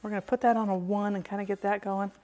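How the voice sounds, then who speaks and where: A woman's voice: mid-range voice, fairly even intonation, fast, warm tone, soft background music. A woman hosting a casual cooking livestream from her kitchen, chatting to viewers, humming and singing along, and laughing often.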